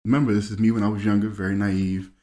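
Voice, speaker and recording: Speaking fast in a mellow, fairly low voice with little pitch movement, this young Maryland podcast co-host tells stories during a casual chat, performing the quoted dialogue. The room sounds echoey.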